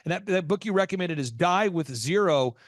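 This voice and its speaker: An American man hosting a podcast, telling a long story with energy and leaping into high excited voices when he acts out his reactions. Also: a little fast, no echo, clean studio sound. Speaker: podcast host. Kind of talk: animated storytelling in a business podcast.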